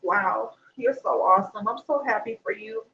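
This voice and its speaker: A woman's voice: fairly high pitch, normal speed, dull audio, a little hiss or hum. A woman chatting casually straight to her viewers on a livestream, in a talkative, emotional way. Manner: chatty, talks straight to viewers, emotional and tearful when reading good news. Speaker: vlogger.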